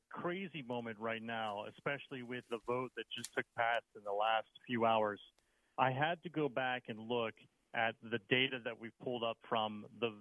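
A man's voice: medium pitch, fairly bright tone, no echo, poor audio. A man appearing as a guest author on a talk radio show, earnestly laying out data. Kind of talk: phone-in interview.

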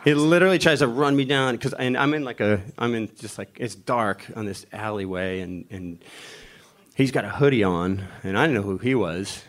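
A middle-aged man, a guest on a live podcast, telling a story in an animated way, with frequent laughter. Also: fairly low pitch, moderate pace.

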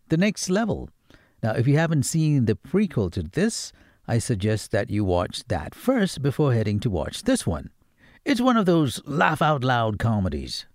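A man's voice: medium pitch, darkish tone, no echo, clean studio sound. A man presenting film picks on the radio, playful and given to jokey asides. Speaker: radio movie reviewer. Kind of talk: radio film recommendations segment.

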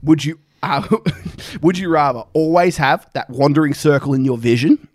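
A man's voice: on the high side, normal speed, no room sound, clean studio sound. A young man, co-hosting a podcast and telling stories in a casual, sweary way, often laughing. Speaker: podcast co-host. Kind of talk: casual chat.

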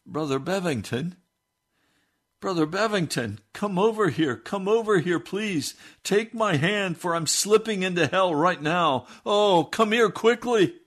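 A man's voice: a little high, expressive, extremely slow, few pauses, pitched above the performer's own voice, heavily acted. A man voicing a desperate, repentant man who wails and pleads for mercy. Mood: wailing. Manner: pleading, wailing.

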